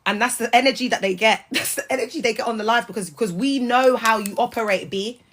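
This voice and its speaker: A British woman hosting a casual livestream chat, talking in lively slang and laughing often. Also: fairly high pitch, fast talker. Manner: chatty and animated, laughs often, heavy slang. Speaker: livestream host.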